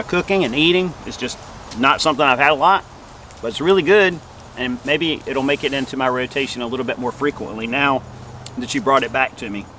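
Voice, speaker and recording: A man's voice: medium pitch, fairly bright tone, slight background noise. A man hosting a casual outdoor camp cooking show, talking to viewers in a folksy, friendly way while outdoors in the woods.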